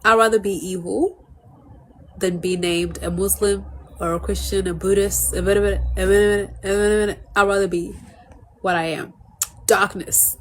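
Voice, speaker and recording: Woman, mid pitch, defiant rambling monologue, light ambient hiss. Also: measured pace, low-quality recording. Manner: defiant and rambling, with restarts and bursts of laughter.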